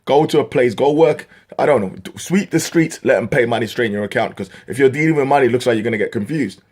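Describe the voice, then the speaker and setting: A man's voice: mid-range voice, fast, a little mellow. A young man from England ranting to camera in an exasperated, swearing comic style, his voice jumping up when worked up. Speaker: vlogger.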